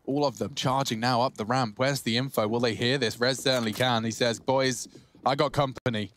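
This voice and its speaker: A man commentating live esports play-by-play, chatty and excitable, lifting his voice on big plays. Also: mid-range voice, brisk. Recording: clear background clicking noise.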